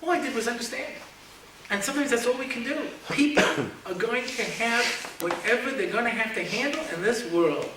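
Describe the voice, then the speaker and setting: A rabbi giving a memorial lecture, telling stories with jokes and folksy asides. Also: male voice, extremely high pitch, animated, brisk. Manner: storytelling, joking, folksy asides. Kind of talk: memorial lecture with humorous anecdotes. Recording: echoey room, distant mic, background noise.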